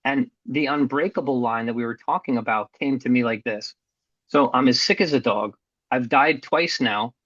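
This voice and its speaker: A middle-aged man speaks as a podcast guest, telling his own story in an earnest, blunt way and swearing casually now and then. His voice sits at a plain, average pitch. The sound is muffled and dull, recorded close in a dry room with no echo. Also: moderate pace, fairly bright tone. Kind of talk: candid personal storytelling.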